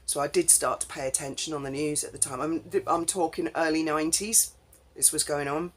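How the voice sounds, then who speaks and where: A woman's voice: low voice, steady tone, a little fast. A woman, telling a casual story in a chatty, rambling way full of ums. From England. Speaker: vlogger.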